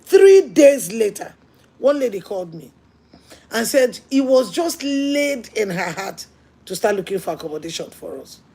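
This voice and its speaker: A woman pastor preaching a sermon, telling stories earnestly and swinging between hushed lines and emphatic ones. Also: medium pitch, lively intonation, moderate pace, slightly rough.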